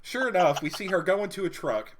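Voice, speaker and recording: A man's voice: high-pitched, very animated, fairly quick, a little hiss or hum. A young man co-hosting a casual live stream, telling a profane road-trip story between laughs. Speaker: co-host.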